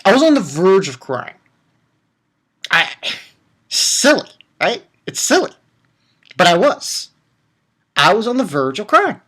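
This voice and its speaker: A man gushes about an anime episode in a meandering, excitable review, stumbling on names and spiking into high-pitched squeals. He speaks a bit slowly and pauses frequently.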